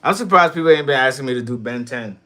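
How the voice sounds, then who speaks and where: Profane, animated man chatting on a livestream. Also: mid-range voice, fast. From New York. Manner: loud, profane, laughing riffs. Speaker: livestream host reading chat. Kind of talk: casual livestream chat.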